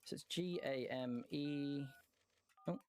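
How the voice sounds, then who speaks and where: A man with a highish voice and darkish tone gives chatty live speedrun commentary, with faint music in the background. He often corrects himself and throws in quick jokes and laughs.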